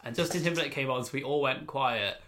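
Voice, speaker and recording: A man's voice: mid-range voice, quick pace, bright, forceful tone. A man co-hosting a podcast, chatting casually about a film and acting out scenes as he retells them. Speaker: podcast co-host. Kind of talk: casual film-review chat.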